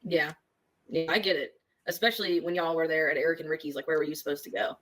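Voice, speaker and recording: Low-voiced woman telling a story. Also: fast talker. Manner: relaxed, lots of likes, laughs at herself. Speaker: guest recounting a past relationship. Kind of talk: casual storytelling.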